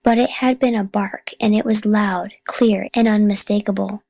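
A woman narrating a children's chapter book in a calm, steady reading voice. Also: mid-range voice, normal speed, no echo, low-quality recording. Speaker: audiobook reader. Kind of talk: storybook narration.

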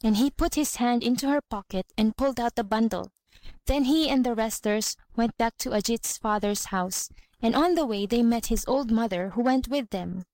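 Woman storybook reader, fairly high voice, even clear delivery, dry close recording. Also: normal speed, no echo. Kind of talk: storybook reading.

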